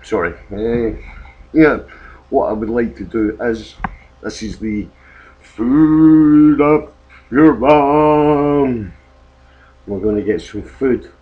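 A man's voice: fairly low pitch, a little slow. A British man hosting an improvised comic vlog, rambling and hesitant, amused at himself. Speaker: comedy vlogger. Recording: dull lo-fi home recording, faint noise.

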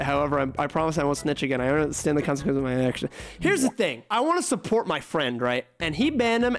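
A man's voice: a little high, gravelly. A man streaming live, reading ban appeals aloud in casual chat, swearing and joking as he gets tipsy. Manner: swearing, joking, quick to laugh. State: getting tipsy from drinking. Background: music playing.

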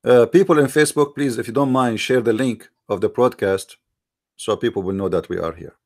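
A man with a medium-pitched, brisk voice hosts a live-streamed religious debate. His tone is mocking and combative as he fires rhetorical questions at viewers, using non-native English grammar.

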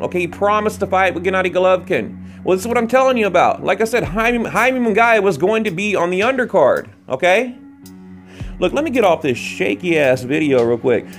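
A man hosting a boxing channel, ranting casually and rambling with lots of restarts. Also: sits high. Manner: rambling, rants with frequent restarts. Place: late-night home recording.

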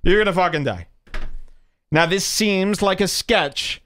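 A man's voice: sits high, measured pace, fairly bright tone. A man hosting a podcast, delivering a rambling, mock-serious comedic monologue with sarcastic, theatrical swings in his voice. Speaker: podcast host.

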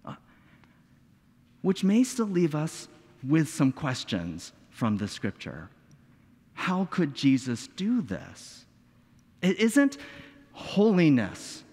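A male pastor preaching a sermon, expressive and full of rhetorical questions and dramatic pauses. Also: on the high side, breathy edge. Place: church sanctuary. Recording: long hall reverb.

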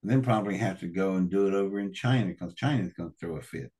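An older man with a very low, husky voice tells his story as an interview guest. He acts out each line of dialogue himself and drops in the odd curse. He swings between raised outbursts and hushed, heavy passages. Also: fast talker. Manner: animated, acts out quoted dialogue, swears. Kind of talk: emotional first-person storytelling.

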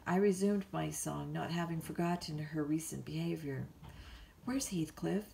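A woman storyteller reading a classic novel aloud as a bedtime story, in a measured, unhurried way. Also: deep voice, fairly even intonation, vocal fry, mellow, rough recording.

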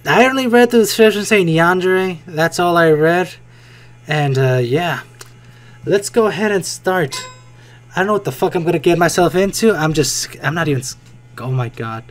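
A young man with a slightly high voice reacts to a visual novel in a joking let's play. He talks excitably, jumps into loud reactions and swears freely. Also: moderate pace. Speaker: gaming video host.

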